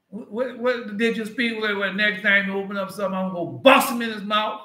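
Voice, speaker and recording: Guy preaching real casual, kinda high bright voice, keeps asking the room questions. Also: fast, hardly any pauses. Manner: loose, conversational, quizzes listeners. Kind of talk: informal Bible teaching. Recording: echoey room.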